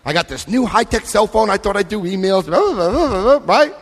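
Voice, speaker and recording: A man giving a lively recovery talk to a live convention audience, acting out scenes and voicing quotes. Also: sits high, brisk. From United States. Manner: animated, acts out scenes, shifts voice for quotes. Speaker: AA convention speaker. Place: convention hall. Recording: long hall reverb.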